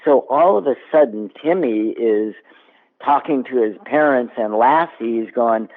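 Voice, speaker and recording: A man in his seventies, a guest actor, telling stories in an animated, casual interview chat. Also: medium pitch, a little slow. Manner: animated storyteller. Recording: tinny phone-like line.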